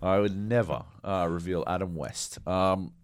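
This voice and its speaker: A man co-hosting a podcast, ranting in a sweary, animated way during casual banter. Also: low voice, a little slow, no room sound, clean studio sound. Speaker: podcast co-host.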